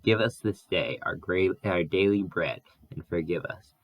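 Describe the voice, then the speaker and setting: A man reading aloud and voicing a gentle, soft-spoken former preacher. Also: low-pitched, a little slow, no echo, highs cut off. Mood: praying. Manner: gentle and quiet.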